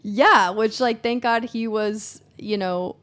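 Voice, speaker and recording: A woman chatting as a podcast guest in an animated, casual way, laughing often, swearing freely and trailing off mid-thought. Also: mid-range voice, slow pace, clean tone.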